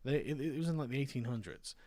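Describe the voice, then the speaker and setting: A man's voice: medium pitch, fast, mellow. A man, streaming and chatting casually, reading text aloud and riffing on it with sardonic mock outrage. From Britain. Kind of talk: casual chat while gaming and reading aloud.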